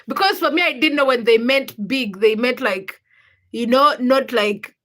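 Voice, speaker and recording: A young adult woman hosting a livestream, telling childhood stories in a casual, animated way and greeting viewers in the chat. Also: sits high, unhurried. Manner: animated storytelling, acts out quotes with laughter. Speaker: livestream host.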